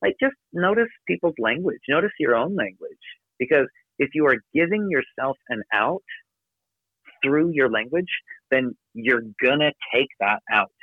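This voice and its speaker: A man giving an energetic, emphatic motivational talk from his office as a podcast guest. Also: mid-range voice, no room sound. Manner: energetic, emphatic, rapid coaching delivery. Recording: dry, phone-like narrow sound.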